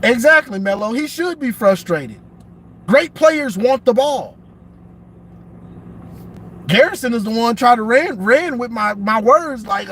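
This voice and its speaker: A man's voice: very high voice, lively intonation, unhurried, long pauses, fairly bright tone, slight background noise. A man ranting casually about football on a livestream from inside his car, emphatic and repeating himself. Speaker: sports commentator vlogger.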